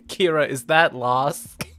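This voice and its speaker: A VTuber streamer talks through a laughing fit that won't let go, gasping out short exclamations between bursts. The pitch leaps up and down in wide, lively swings, and the words come out very slowly. The throat sounds sore from laughing. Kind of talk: casual live stream chat.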